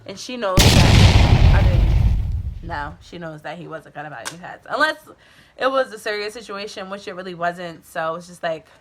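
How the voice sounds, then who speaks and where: A woman's voice: fairly low pitch, normal speed, background noise. A young woman telling a personal story in a candid, chatty way, swearing now and then and filling her talk with "like". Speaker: vlogger. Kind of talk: casual storytime. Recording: music playing under the voice.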